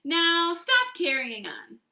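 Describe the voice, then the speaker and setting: A woman's voice: extremely high pitch, big pitch swings, slow, bright, forceful tone, roomy sound, pitched above the performer's own voice, exaggerated voice. A woman voicing a stern, strict teacher scolding her class. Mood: firm. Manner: firm, scolding.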